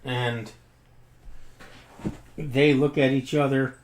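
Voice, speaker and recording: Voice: mid-range voice, steady tone, extremely slow. Jokey tabletop player in an echoey room. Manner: jokey, chuckling asides. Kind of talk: casual tabletop play.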